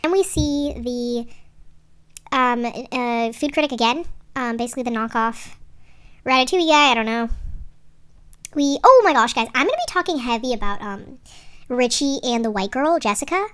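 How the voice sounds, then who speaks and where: A woman's voice: on the high side, animated, moderate pace, a bit bright, clean tone. A young woman, recapping a TV episode in a chatty, slangy way with rambling asides and swearing. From San Francisco Bay Area. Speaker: TV show reviewer. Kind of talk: casual recap vlog.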